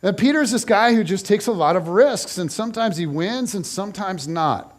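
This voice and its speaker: Male pastor, slightly high voice, animated storytelling sermon with acted-out voices. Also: moderate pace.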